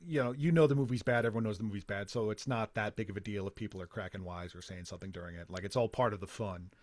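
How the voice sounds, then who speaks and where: A man's voice: fairly low pitch, very fast. A man hosting a podcast, chatting casually in long, rambling explanations. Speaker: podcast host.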